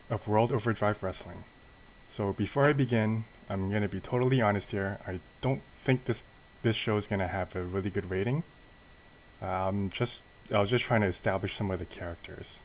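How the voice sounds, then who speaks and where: A young man with a fairly low voice narrates a wrestling game story in a relaxed, offhand way. He hesitates often and restarts his sentences. He also pokes fun at his own choices. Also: a little hiss or hum, poor audio. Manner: hesitant, self-deprecating, many restarts. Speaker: channel host narrating a wrestling sim.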